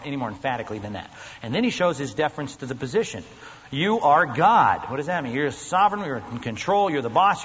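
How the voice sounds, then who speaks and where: A man's voice: fairly high pitch, a bit bright. A pastor preaching an earnest, emphatic sermon, asking his listeners questions as he goes. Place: church sanctuary. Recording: dull, lo-fi recording in a large reverberant hall with faint noise.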